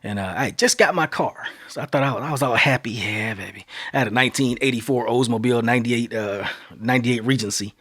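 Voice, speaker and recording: On his podcast, a Texan man in his thirties spins a long story in a relaxed, chatty style, wandering off and then looping back. His middle-range male voice climbs and quickens as the action heats up, and he talks fast with almost no pauses, an animated storyteller in a casual monologue.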